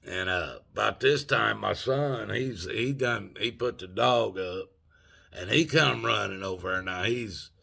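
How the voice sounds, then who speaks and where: Old guy, 60ish, slow low drawl, just rambling thru a story from his porch days. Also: gravelly, sharp tone. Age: 60s. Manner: rambling, folksy, loose grammar. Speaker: vlogger. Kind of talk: casual storytelling.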